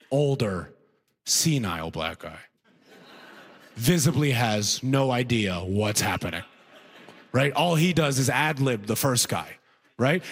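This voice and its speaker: A man doing a stand-up comedy routine, telling a story with quick impressions of the people in it. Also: mid-range voice, fairly bright tone, big-room sound. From outside the United States.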